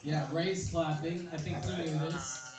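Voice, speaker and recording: A young man doing a stand-up set, rambling, self-deprecating and deadpan. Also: a little high, measured pace. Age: young adult. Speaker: stand-up comedian. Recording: echoey club from far off. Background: crowd noise.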